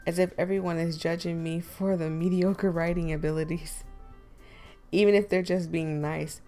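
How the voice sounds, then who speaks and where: A woman's voice: on the low side, dark tone. A woman voicing a self-doubting teenage boy narrator from a game, reading dryly with sighs. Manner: dry, sighing narration.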